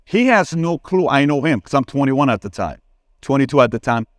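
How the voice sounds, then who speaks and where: A man in his forties speaking on a conference stage and answering an audience question, telling stories and acting out conversations, with sudden jumps in pitch when he quotes people. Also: fairly quick, no echo, studio quality. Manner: animated, acts out dialogue with sudden pitch jumps; addresses crowd directly, asks for a show of hands. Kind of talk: live Q&A on stage, storytelling.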